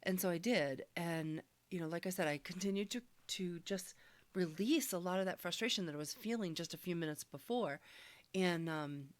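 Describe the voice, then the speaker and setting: A woman sharing a personal healing testimony, speaking in an earnest, searching, soft-spoken way. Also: on the low side, moderate pace, no room sound.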